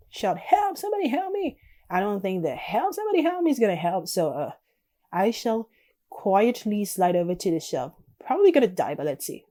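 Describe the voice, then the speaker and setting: A woman's voice: lowish voice, warm tone. A young woman reading a text-based game aloud and chatting through her choices as a YouTuber.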